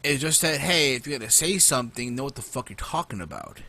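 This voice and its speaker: A man's voice: mid-range voice, lively intonation, fast, vocal fry, sharp tone. A man co-hosting an online live show, making his point in a laid-back, casual way with everyday examples. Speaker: podcast co-host.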